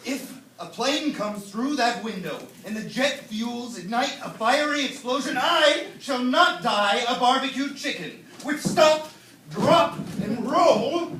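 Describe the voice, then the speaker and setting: A grandiose, jumpy conspiracy theorist, played by a young man on a school stage. His very high voice swings between dramatic proclamations and panic. The sound is distant and echoey, as if taken from the back of a hall. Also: lively intonation, a little slow, hardly any pauses, sharp tone, slight background noise, full character voice. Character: paranoid conspiracy-minded male office worker. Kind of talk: stage play acting. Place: school stage before an audience.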